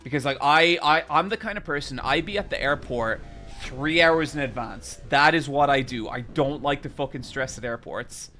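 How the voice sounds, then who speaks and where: A man's voice: mid-range voice, normal speed, few pauses, bright, forceful tone, faint music behind. A young man streaming, telling a rambling, profane story to his chat in an exasperated way.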